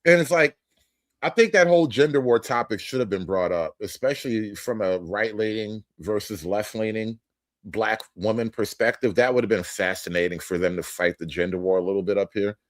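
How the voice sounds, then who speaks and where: A man hosting a casual reaction show, joking crudely and laughing, dropping to low mutters and jumping up loud. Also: a little fast, dry recording, studio quality. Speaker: show host reacting to a debate.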